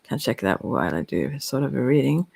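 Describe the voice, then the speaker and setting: A softspoken ASMR psychic with Swedish as a first language, giving a halting, hesitant chakra reading while teary-eyed. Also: mid-range voice, sing-song, gravelly, slightly rough. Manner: halting, hesitant, with many fillers. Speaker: psychic card reader.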